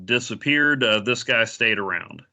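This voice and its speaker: A man co-hosting a comics podcast, chatting casually and dropping dry, deadpan jokes. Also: mid-range voice, moderate pace. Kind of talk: casual chat.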